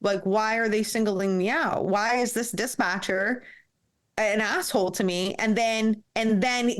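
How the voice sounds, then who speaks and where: A woman in her thirties speaks as a podcast guest, recounting her experiences in a frank, candid way. She curses without hesitation and laughs often between points. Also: a little high. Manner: blunt, profane, laughs often. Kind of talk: candid interview storytelling.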